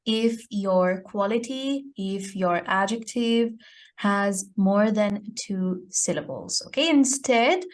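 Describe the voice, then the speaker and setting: A woman's voice: medium pitch, takes it slowly. A woman teacher giving a grammar lesson, explaining step by step and often checking her student's understanding with "okay?". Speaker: English teacher.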